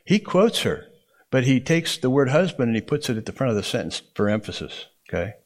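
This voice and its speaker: A man's voice: mid-range voice, very animated, brisk. A man teaching a Bible interpretation class to students in a classroom. He talks conversationally and keeps checking in with "okay?".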